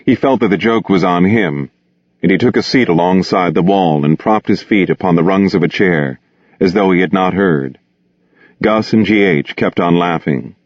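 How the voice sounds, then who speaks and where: A man narrating an audiobook in a measured, expressive reading. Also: sits low, no echo. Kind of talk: scripted narration. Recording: dull lo-fi dry recording.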